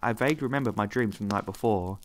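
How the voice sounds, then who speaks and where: A man narrating horror stories from a script. His voice sits low and his reading stays calm and steady. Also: racing, slight background noise.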